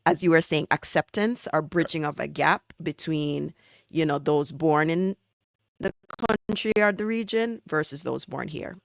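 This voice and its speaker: A woman's voice: deep voice, unhurried, creaky, dry recording, clean studio sound. A woman from Jamaica, hosting a casual interview and asking open, conversational questions. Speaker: podcast host.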